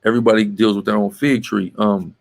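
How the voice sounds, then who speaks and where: A man's voice: fairly low pitch, fairly even intonation, a little fast, vocal fry. A man teaching a Bible class, emphatic and scolding, often checking with "right?" and telling the reader to go on. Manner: emphatic, tags statements with "right?".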